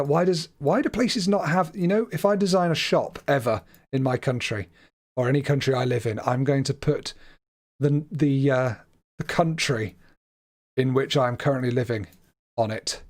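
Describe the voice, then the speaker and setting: A man's voice: a little high, a little slow, a little mellow. Chatty British man streaming a game. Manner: chatty, self-deprecating, laughs often. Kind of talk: casual livestream game commentary.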